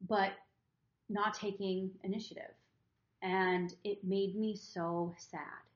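A young woman co-hosting a podcast, confiding a personal story in an earnest, emotional, rambling way. Her voice sits at an ordinary pitch. It is heard in a roomy, slightly dull recording. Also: steady tone, takes it slowly. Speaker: podcast co-host.

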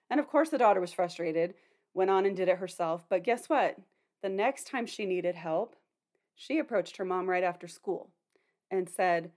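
A woman's voice: on the low side, animated, moderate pace, darkish tone. A middle-aged woman, a parenting coach, hosting a podcast in an earnest, conversational way with casual fillers. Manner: earnest, conversational, many "you know" and "like" fillers. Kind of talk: podcast talk.

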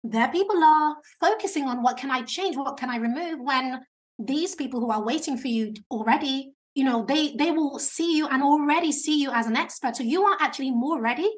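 Woman, high voice, animated interview guest giving speaking advice. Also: a little fast. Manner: animated, chatty, self-described natural talker.

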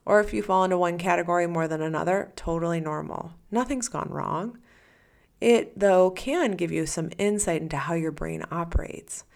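A woman's voice: fairly low pitch, normal speed, creaky. A woman hosting a solo podcast as a coach, talking casually and animatedly, acting out the listener's inner voice.

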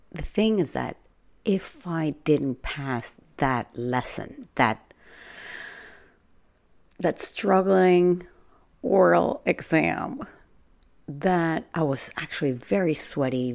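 A woman's voice: extremely low pitch, vocal fry, a little mellow. A woman giving an earnest motivational talk, telling a personal story in a conversational way and stressing points by repeating herself. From Spanish-speaking. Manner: earnest, conversational, with restarts and emphatic repetition. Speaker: personal branding speaker.

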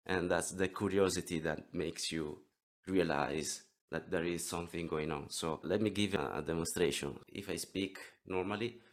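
A man in his thirties with an Italian accent, explaining throat singing in an interview lesson, halting and often restarting his words. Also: deep voice, steady tone. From Italy. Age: 30s.

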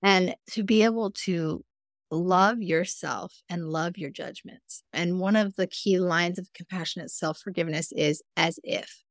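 Candid, expressive woman in a dry recording. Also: unhurried, no echo. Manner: candid, expressive storytelling with sudden pitch jumps; earnest, self-reflective. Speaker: mindfulness coach, podcast guest. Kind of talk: casual interview conversation.

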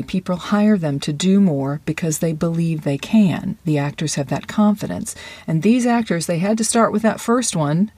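A mellow, low-key voice with a slightly husky, breathy edge, talking like a coach encouraging students. The delivery is conversational, sometimes slipping into quick asides and hushed whispers for emphasis. The sound is close and dry, with no room echo. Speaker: acting coach. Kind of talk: podcast-style lesson monologue.

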